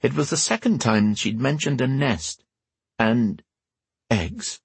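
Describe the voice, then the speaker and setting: Expressive male audiobook narrator. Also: mid-range voice, slow, vocal fry, husky, no room sound. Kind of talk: scripted narration.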